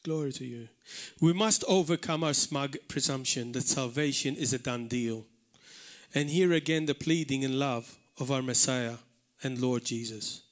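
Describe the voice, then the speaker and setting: A pastor from Malta, mid-range voice at a moderate pace, preaches to a live congregation in a church hall. He repeats words for emphasis, earnest and emphatic throughout.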